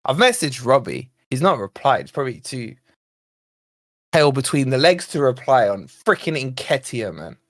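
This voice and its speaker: A man's voice: medium pitch, big pitch swings, normal speed, dry recording, clean studio sound. A young man hosting a live football watch-along, ranting and exasperated as he reacts to his chat. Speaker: fan channel host.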